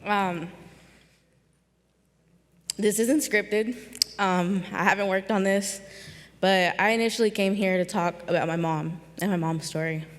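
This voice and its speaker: Slow, halting young woman in a hall. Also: mid-range voice, steady tone. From California. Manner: slow, halting, with many pauses and ums. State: emotional, close to tears. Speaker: storyteller speaking on stage. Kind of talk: emotional personal story told on stage.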